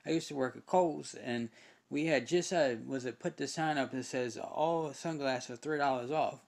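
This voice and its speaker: A man telling a casual anecdote with deadpan timing. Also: mid-range voice, moderate pace, creaky.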